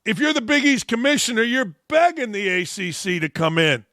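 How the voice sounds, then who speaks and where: A man's voice: high-pitched, expressive, normal speed, sharp tone, no echo, clean studio sound. A middle-aged man hosting a sports talk show, ranting bluntly and profanely about the news.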